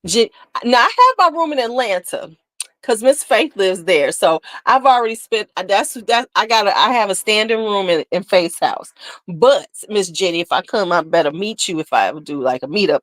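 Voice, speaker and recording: A woman's voice: mid-range voice, animated, moderate pace, no room sound. A woman hosting a casual beauty livestream, chatting candidly and sassily with viewers, laughing often. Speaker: beauty channel host.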